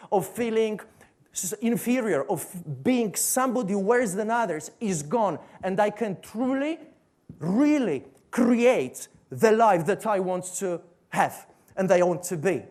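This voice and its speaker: A man's voice: sits high, a little mellow. Emphatic Polish-accented male coach. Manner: emphatic, rhetorical questions and repetition. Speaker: motivational coach. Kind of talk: motivational stage talk. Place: stage before a seated audience.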